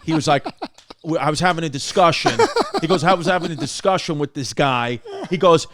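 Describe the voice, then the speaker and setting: This podcast co-host from New York City speaks briskly, his voice on the high side, as he tells a long, chatty story. He animates it by giving the other people's quotes lively voices.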